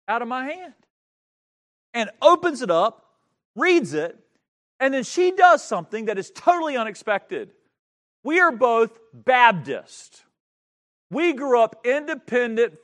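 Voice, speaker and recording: A pastor spins a lively, self-mocking story from the pulpit. His voice runs high for a man and swings widely as he tells it. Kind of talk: storytelling sermon.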